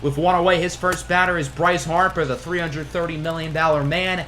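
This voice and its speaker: Man, high voice, play-by-play game commentary, excitable, faint background hum. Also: brisk. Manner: excitable, jumps loud on big plays, wry asides. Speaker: gaming channel host.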